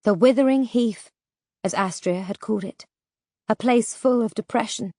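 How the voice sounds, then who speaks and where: A woman narrates a first-person audiobook with steady, even storytelling. Her voice sits a little high. The recording is dry and close, with no room sound. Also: normal speed, dry recording.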